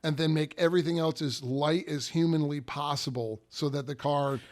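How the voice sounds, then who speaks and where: Casting: man, a bit high-pitched, casual car talk. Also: fairly even intonation, moderate pace. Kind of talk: casual chat.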